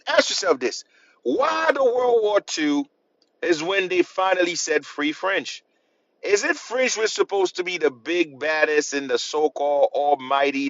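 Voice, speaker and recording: Emphatic high-voiced man lecturing. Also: a bit bright, no room sound. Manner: emphatic, repeats points, asks rhetorical questions. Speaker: history channel host. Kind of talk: lecturing to camera. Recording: dull lo-fi sound.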